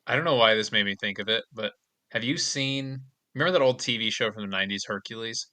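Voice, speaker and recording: A man's voice: on the low side, quick pace, pushed and bright. A man co-hosting a movie podcast, casually chatting, mostly giving short agreeing replies and laughing easily. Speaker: podcast co-host. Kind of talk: casual movie commentary chat.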